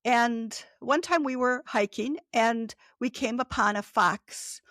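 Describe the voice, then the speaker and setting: A woman's voice: a little high, takes it slowly, a bit bright, no echo. A middle-aged woman author in a casual interview, speaking reflectively and laughing often. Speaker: author and guest.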